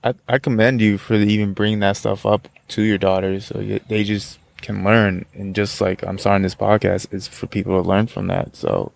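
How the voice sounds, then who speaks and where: Gravelly-voiced encouraging male podcast host. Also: on the low side, level tone, moderate pace, hardly any pauses, dry recording. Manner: encouraging, many affirming "mm-hmm"s. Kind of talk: casual podcast interview and outro.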